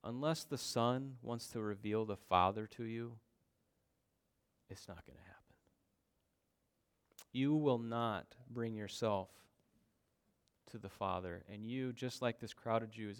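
A man's voice: lowish voice, clean tone. A man preaching a sermon, emphatic and given to repeating his points. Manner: emphatic, repeats phrases for stress.

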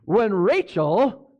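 High-pitched, animated male preacher. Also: highs cut off. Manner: emphatic preaching with rhetorical questions; stumbles and corrects himself. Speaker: pastor. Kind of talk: sermon.

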